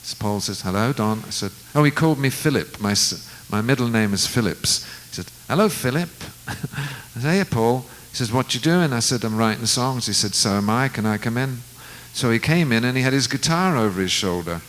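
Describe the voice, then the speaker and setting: A man in his seventies, a guest musician, telling an anecdote in an unhurried way and acting out the quoted dialogue. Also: mid-range voice, animated, fairly bright tone, slight background noise, rough recording. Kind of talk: anecdotal storytelling.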